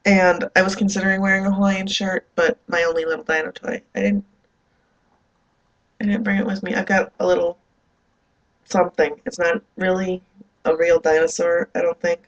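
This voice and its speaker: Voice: medium pitch, flat delivery, normal speed, long pauses, a bit bright, highs cut off. Groggy young vlogger rambling at dawn. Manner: rambling, loose and swearing. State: up early and groggy. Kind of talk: casual video diary.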